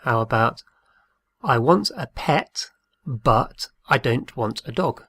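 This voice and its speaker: Male language teacher, slow and deliberate, mid-pitched, dry close sound, drills phrases and spells words aloud. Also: lively intonation, a bit bright, breathy edge, no room sound. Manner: patient, repeats each phrase and spells words out. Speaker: Spanish teacher.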